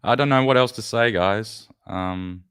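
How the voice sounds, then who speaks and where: A man's voice: fairly low pitch, measured pace, a bit bright, clear, resonant tone, no room sound, studio quality. A man hosting a casual livestream, rambling loosely and swearing as he chats with his viewers. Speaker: livestream host.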